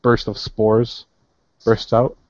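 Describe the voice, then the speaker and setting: Low-voiced man running a tabletop game. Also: completely flat delivery, slow, a little mellow, dry recording. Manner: hesitant, filler-heavy. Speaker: game master. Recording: muffled dry online voice chat.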